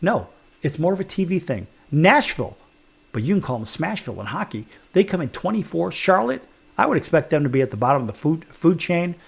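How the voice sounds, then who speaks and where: A man's voice: on the high side, sing-song, fairly quick, vocal fry, husky. A man from Chicago hosting a sports talk show, counting down rankings with sarcastic, wisecracking emphasis. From Chicago, USA. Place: studio.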